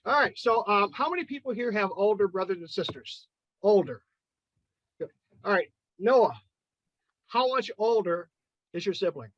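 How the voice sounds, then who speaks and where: A man's voice: sits high, lively intonation, normal speed, long pauses, fairly bright tone, dry recording, muffled recording. A man in his fifties hosting a chat and then doing a loose, profane stand-up set. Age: 50s. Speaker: podcast host and amateur stand-up comic.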